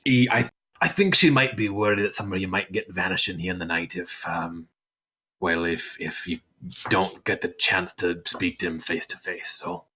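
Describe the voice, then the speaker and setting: A man voicing a bashful, grateful father with rotten teeth, who stammers through halting, homely speech. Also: sits low, pushed and bright, breathy edge, full character voice. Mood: flustered. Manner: homely "aye, lad" speech.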